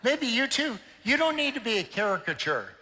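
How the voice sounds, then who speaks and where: High-voiced older man preaching in a hall. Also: very animated, moderate pace, pushed and bright. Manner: playful, joking storyteller. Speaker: conference speaker. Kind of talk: inspirational conference talk. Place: conference stage in a large hall. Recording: long reverb of a large hall.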